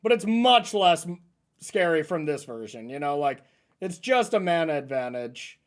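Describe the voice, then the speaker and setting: Male streamer, easygoing running commentary on his own plays, lively pitch. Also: moderate pace. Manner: thinks aloud about his plays, relaxed and chatty. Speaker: streamer playing a card game. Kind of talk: casual gameplay commentary.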